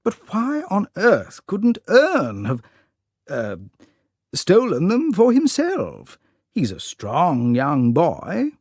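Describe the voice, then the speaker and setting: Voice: medium pitch, wildly swooping pitch, takes it slowly, a little mellow, husky, no room sound, studio quality, pitched above the performer's own voice, full character voice. The narrator voicing a flustered, easily troubled elderly male aristocrat who sputters indignant questions in an audiobook story. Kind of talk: audiobook character reading.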